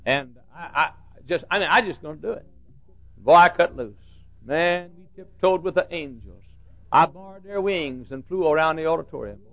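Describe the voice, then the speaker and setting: A man's voice: fairly high pitch, animated, moderate pace, no echo. An older man preaching a sermon with humorous storytelling and rhythmic repetition, in a muffled lo-fi recording.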